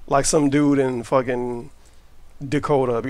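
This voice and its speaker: Gravelly man rambling while cooking. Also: mid-range voice, normal speed, dry recording. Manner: rambling, profane, offhand. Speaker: cooking vlogger. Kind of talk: casual cooking vlog. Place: home kitchen. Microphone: camera mic while cooking.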